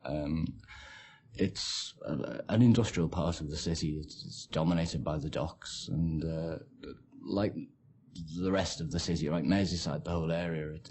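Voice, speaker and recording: A man's voice: a bass voice, darkish tone, slight background noise. A man from Liverpool with a Scouse accent, talking in a hesitant, unscripted way with many fillers and repeated words as he explains his accent. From Liverpool, England. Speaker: speaker describing his accent. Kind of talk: unscripted monologue for a language lesson.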